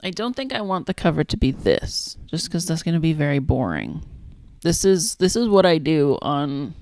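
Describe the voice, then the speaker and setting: A woman casually chatting on a livestream as she makes a zine, thinking out loud and trailing off mid-sentence. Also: sits low, very animated, normal speed, no room sound. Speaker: zine maker streaming her work. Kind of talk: casual livestream chat while working.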